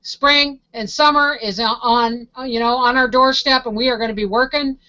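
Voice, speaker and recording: A woman's voice: fairly high pitch, steady tone, moderate pace, pushed and bright, muffled recording. A woman co-hosting a homestead live show, bubbly and talkative in casual chat.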